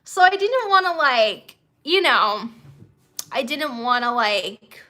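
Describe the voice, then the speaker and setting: A young woman hosting a casual live stream from home, chatty and excitable, full of fillers and restarts. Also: high voice, takes it slowly. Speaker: YouTube host of a live stream.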